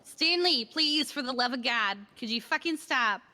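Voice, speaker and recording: A woman's voice: sits high, animated, moderate pace, sharp tone. A woman telling stories animatedly in a roleplay game, swearing freely. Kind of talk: casual in-character chat.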